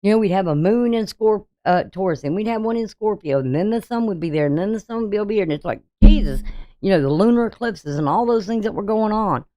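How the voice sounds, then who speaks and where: A woman's voice: medium pitch, lively intonation, fast, warm tone, no room sound, clean studio sound. A woman astrologer giving a forecast in an emphatic, preachy way, firing off rhetorical questions at her viewers. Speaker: astrologer and tarot reader.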